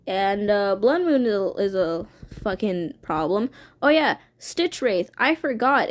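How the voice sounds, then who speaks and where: A young woman streamer casually retelling her own fan story, rambling, swearing freely and giggling. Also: medium pitch.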